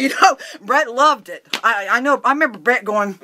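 A woman guest in an interview, telling a story in a heated, emphatic way, swearing and loudly acting out what she said. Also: on the high side, moderate pace, hardly any pauses. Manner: laughs between lines.

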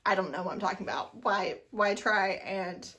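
A woman's voice: medium pitch, moderate pace, bright, forceful tone. A woman book vlogger in casual chat, rambling and chatty with lots of asides and emphatic bursts.

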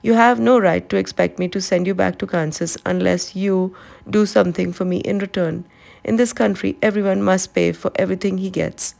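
A woman's voice: medium pitch, gravelly, a little mellow. A woman reading a stern giant wizard head. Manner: stern, commanding.

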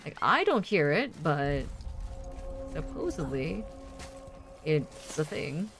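A woman's voice: sits low, big pitch swings, slow pace, music in the background. A woman streaming a video game, chatting casually and rambling with many fillers as she plays. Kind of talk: casual chat while gaming.

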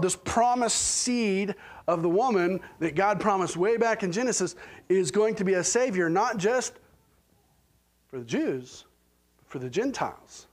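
Male pastor with an Oklahoman accent, high voice, chatty sermon delivery, church sanctuary. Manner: conversational preaching, frequent "right?" and "okay?" check-ins.

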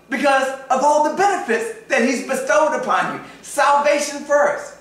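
A man's voice: extremely high pitch, normal speed. A pastor preaching a sermon in a church, acting out the voices of people in his stories as he goes. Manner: animated preaching, acts out voices in retold stories. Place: church sanctuary. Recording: echoey church hall, voice from far off.

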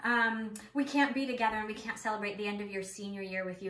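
A woman's voice: medium pitch, fast talker, sharp tone. Teary woman teacher, echoey room. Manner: emotional, on the verge of tears. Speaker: Spanish teacher. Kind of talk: video message to students.

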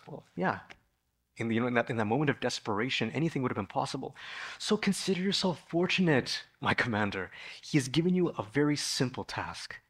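A man preaching a sermon in a church, retelling a Bible story in a lively way and raising his voice to act out the people in it. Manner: animated storytelling, acting out the figures with sudden raised pitch. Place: church sanctuary.

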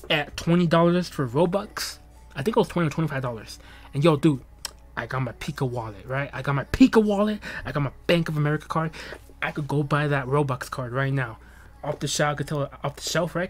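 A young man with a slightly high voice hosts his own livestream, rambling loosely and cracking himself up. His casual chat is full of jokes and drawn-out repetitions. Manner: rambling, joking, laughs often, drawn-out bits. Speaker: livestream host.

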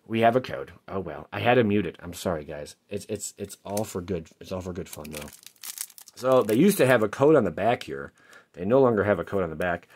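Guy cracking open card packs on his channel, super animated voice, goofy and talkative. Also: on the low side, husky. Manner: excitable, jokey, shouts at big pulls. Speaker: card-opening channel host. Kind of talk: casual pack-opening commentary.

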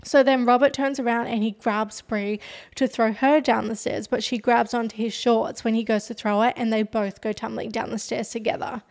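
A woman's voice: a little high, steady tone, normal speed, a little mellow. A woman hosting a podcast, casually retelling a true-crime story with lots of "like" fillers and dramatic emphasis. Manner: chatty, heavy use of "like" as filler. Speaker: podcast host.

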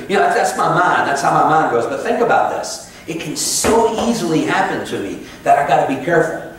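A man preaching a sermon, talking to the congregation in a conversational, sometimes sarcastic way and reading scripture slowly. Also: on the high side, lively intonation, fairly bright tone. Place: church sanctuary. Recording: echoey church sanctuary, mic at a distance.

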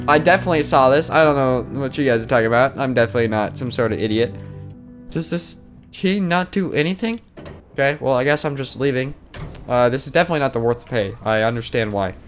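This gaming video creator talks fast in a mid-range voice, with soft music behind him. His let's play commentary is sarcastic and jokey, scolding the character on screen while swearing and exclaiming in abrupt bursts.

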